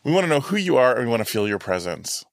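A man co-hosting a podcast in casual chat, animated, laughing often and making playful asides. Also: medium pitch, fast, vocal fry, no room sound. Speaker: podcast co-host.

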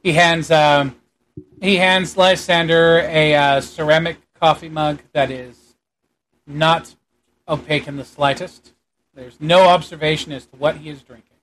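A man running a tabletop game as game master, narrating in a halting way with lots of fillers and dropping quiet for his characters' lines. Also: fairly high pitch, fairly even intonation.

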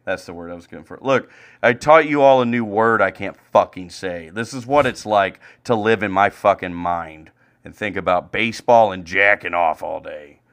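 A young man rants through a casual sports podcast, swearing freely and veering from loud outbursts to low, deflated mutters. His voice has a bright, sharp edge. He talks like a fed-up friend on a home mic. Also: normal speed. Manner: angry, profane, swings from loud ranting to low mutters. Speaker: podcast co-host. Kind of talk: profane ranting sports podcast chat. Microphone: home streaming mic.

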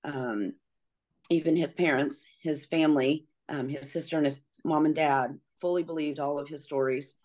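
A middle-aged woman telling a personal story as a guest, earnest and halting, with many pauses and fillers. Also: low voice, fairly even intonation, darkish tone, dull audio.

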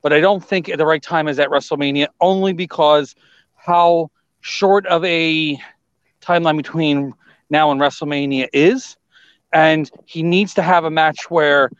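High-voiced excitable man, dull lo-fi audio. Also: no echo. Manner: excitable, rambling opinions. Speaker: podcast co-host. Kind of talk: casual wrestling podcast chat. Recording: dull lo-fi sound.

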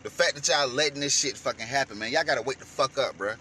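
A man delivering a heated, profane rant as a vlogger, shouting at times. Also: mid-range voice, fast talker, slight background noise. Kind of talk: heated ranting commentary.

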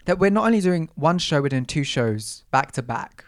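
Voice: medium pitch, moderate pace, hardly any pauses, no echo, studio quality. A young adult podcast host, telling a story in a dramatic, gushing way and talking straight to the listeners. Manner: dramatic, expressive, gushing, addresses listeners as "you guys". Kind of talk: casual storytelling monologue.

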